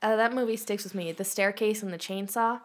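A young woman co-hosting a podcast in relaxed casual chat. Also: medium pitch, brisk. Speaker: podcast co-host.

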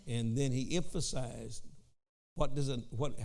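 A man with a Southern US accent leading an informal Pentecostal Bible study, halting and repeating himself, dropping in frequent amens and slowing down to read scripture. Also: mid-range voice, fairly even intonation, creaky, darkish tone.

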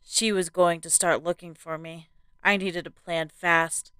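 A woman hosting a podcast and narrating a horror story in a hushed, suspenseful manner. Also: on the low side, steady tone, measured pace, clean tone, no echo.

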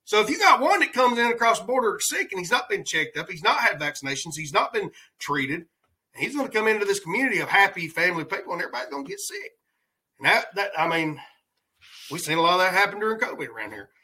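Man, podcast host, heated rambling commentary, bright tense voice, high pitch. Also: very animated, quick pace, rough recording. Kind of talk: opinionated political commentary.

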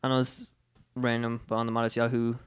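A man's voice: mid-range voice, monotone, brisk, a crowd in the background. A man from a reggae band chatting as a podcast guest, laid-back and rambling, swearing now and then. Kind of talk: casual chat.

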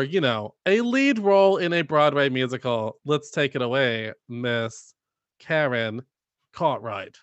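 A man co-hosting a casual podcast chat, animated and quick to laugh. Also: fairly high pitch, clean tone, no echo, muffled recording. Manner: animated, laughing, mimics lines. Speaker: podcast co-host.

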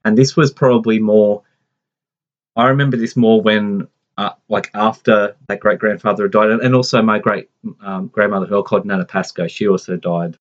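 A man's voice: fairly low pitch, fairly even intonation, normal speed. A man in his forties telling a family story in a casual, rambling way, full of restarts and asides. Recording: dull lo-fi sound.

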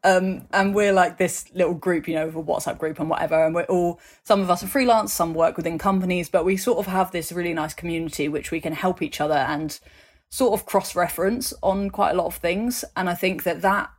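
A woman, a guest in a conversational interview, telling animated stories and leaning on fillers like "um" and "like". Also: lowish voice, a little fast. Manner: animated storytelling, acts out voices in anecdotes, many fillers.

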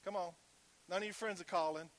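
A male pastor preaching a sermon, shifting between loud emphatic calls and hushed, near-whispered passages, with conversational call-and-response asides to the congregation. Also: high-pitched, fairly even intonation, a little fast.

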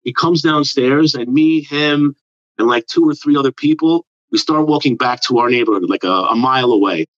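A man's voice: mid-range voice, normal speed, dry recording. A man, telling a rambling, profane story in casual podcast chat. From New York area. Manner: profane, rambling, animated with put-on quotes. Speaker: comedian guest. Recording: dull lo-fi dry sound.

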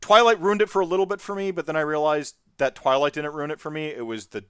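Guy chatting about games, rambly and excitable, lots of um and like, dry close sound. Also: fairly high pitch, quick pace, clear, resonant tone, no echo. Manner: animated, rambling with many restarts and fillers. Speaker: podcast co-host. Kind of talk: casual gaming chat.

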